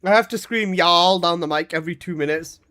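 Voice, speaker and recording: A young male game streamer with a noticeably high voice. He chats casually with his viewers, reading their messages aloud and answering with swearing and laughter. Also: fast talker, fairly bright tone. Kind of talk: casual live-stream chat.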